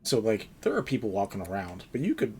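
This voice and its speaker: A man's voice: on the low side, big pitch swings, quick pace, warm tone, slight background noise. A man running a tabletop game as game master, chatting casually, laughing often, and explaining in loose, rambling bursts.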